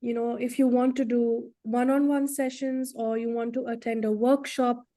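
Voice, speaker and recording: A woman's voice: on the high side, little pitch movement, normal speed, warm tone. A woman presenting her organisation in an emphatic, demonstrative way, often checking in with "right?" and "you know". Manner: emphatic, demonstrative, uses tag questions. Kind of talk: casual presentation with interpreter.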